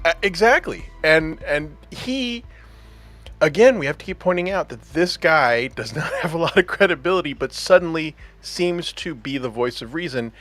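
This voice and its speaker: A man's voice: a little high, lively intonation, normal speed, fairly bright tone, soft background music. A man hosting a podcast in casual chat, enthusiastic and laughing often as he talks. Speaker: podcast host.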